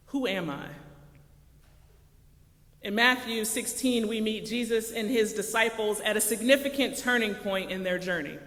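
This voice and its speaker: A man's voice: sits high, a bit bright. A man preaching a sermon as pastor, telling a story with acted quotes before turning to scripture. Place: church sanctuary. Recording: echoey church hall.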